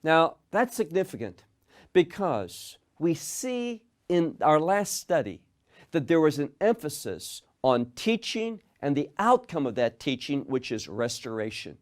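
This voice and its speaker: Male Bible teacher, slightly high voice, earnest and unhurried, talks listeners through scripture verse by verse. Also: sing-song. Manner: earnest, repeats words while building a point; asks the listeners reflective questions.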